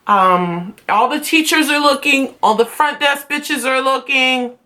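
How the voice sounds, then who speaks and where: A young woman venting in a heated, profane vlog rant, telling her story with animated swings of feeling. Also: high voice, measured pace, hardly any pauses. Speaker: vlogger, former beauty school student.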